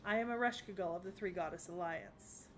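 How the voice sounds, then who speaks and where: A woman voicing a haughty goddess who rules the underworld, grandiose and commanding but quickly flustered, in an English anime dub. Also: natural voice. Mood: imperious. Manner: grandiose and imperious, then flustered and shrill. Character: haughty goddess queen of the underworld, proud yet easily flustered.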